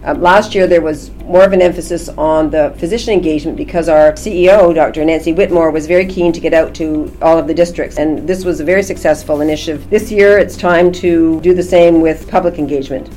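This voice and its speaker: A woman's voice: low-pitched, fairly even intonation, brisk, hardly any pauses, mellow, a little hiss or hum, poor audio. A middle-aged woman, a family physician, answering interview questions thoughtfully with frequent restarts and fillers. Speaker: family physician and college president.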